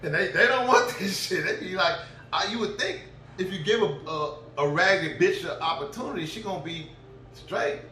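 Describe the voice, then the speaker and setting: A man's voice: high voice, animated, moderate pace, bright, forceful tone, slight background noise. A middle-aged man telling a crude, rambling story, laughing as he goes. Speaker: vlogger. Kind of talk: profane storytelling rant. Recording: roomy, distant mic.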